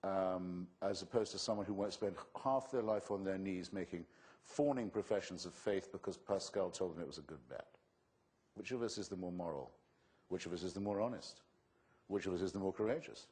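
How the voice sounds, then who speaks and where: A man with a husky, fairly low voice answers a question from the floor. He argues with sardonic wit and forceful rhetoric. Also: fairly quick. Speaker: author and debater. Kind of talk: debate answer to audience question.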